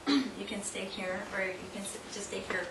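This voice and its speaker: Heard from a distance in an echoey, noisy hall, a woman with a mid-range voice and fairly even intonation speaks at a moderate pace. As a seminar speaker, she leads volunteers through a live demonstration, coaxing, instructing, and laughing often before the audience.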